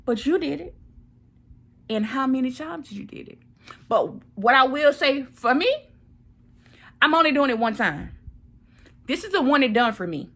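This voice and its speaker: A woman's voice: sits high, animated, normal speed, long pauses, a bit bright. A woman in her thirties talking casually to camera, recovering from surgery and repeating phrases for emphasis. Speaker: vlogger.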